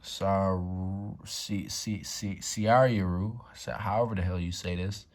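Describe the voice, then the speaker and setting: A man with a notably deep, low voice hosts a relaxed showcase of his card collection from a room at home. He talks in loose slang, swears casually, and sometimes sinks to a hush while admiring a card. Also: unhurried. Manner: laid-back slangy talk, swears, drops to whispers over cards. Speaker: YouTube card-collection host.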